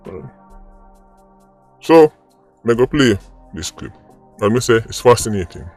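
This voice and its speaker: Low-voiced Jamaican man arguing his point. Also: moderate pace, pauses often, faint music behind. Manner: argumentative, rhetorical "right?" asides. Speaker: vlog host. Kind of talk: opinion commentary.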